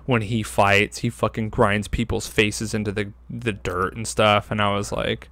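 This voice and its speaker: A man's voice: on the low side, level tone, unhurried, vocal fry, sharp tone, no room sound. A young man co-hosting a podcast, telling a story in a loose, rambling way with lots of fillers and swearing. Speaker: podcast co-host. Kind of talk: casual storytelling.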